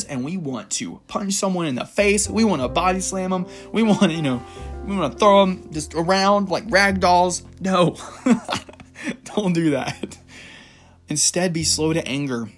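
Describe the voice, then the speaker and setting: A man giving an informal devotional talk, reading Bible verses and rambling a little as he laughs at himself. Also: a little high. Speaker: Christian encouragement speaker.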